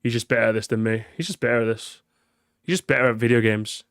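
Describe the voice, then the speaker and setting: A man's voice: medium pitch, fast, clean tone, dry recording, studio quality. A tired man chatting casually on a live stream, repeating words, swearing and reacting to his chat.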